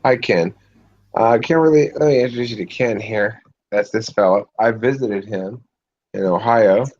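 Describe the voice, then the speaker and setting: A man's voice: lowish voice, moderate pace, darkish tone, dull audio, slight background noise. A man hosting a casual chat with friends, talking with dry, wry humor. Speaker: host chatting with friends.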